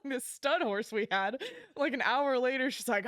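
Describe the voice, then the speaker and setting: A woman guest on a podcast, telling a story in casual talk, animated and self-deprecating, laughing often and with plenty of fillers. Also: on the high side, normal speed, no echo, clean studio sound. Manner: frequent fillers like um and like.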